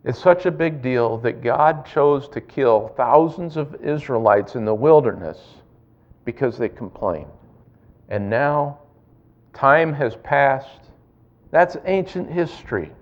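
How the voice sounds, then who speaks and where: A man's voice: mid-range voice, lively intonation. Preaching man, slightly dull recording. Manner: preaching with rising emphasis and drawn-out pauses. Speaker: pastor. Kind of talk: sermon.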